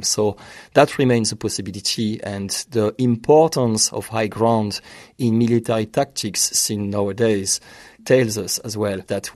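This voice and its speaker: Low-voiced researcher, careful and dry. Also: male voice, a little mellow, no room sound. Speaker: researcher guest. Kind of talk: interview answers.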